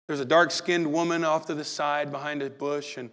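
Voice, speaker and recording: A pastor preaching a sermon, moving from loud acted-out calls to soft, hushed talk. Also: male voice, on the high side, flat delivery, normal speed, hardly any pauses, big-room sound.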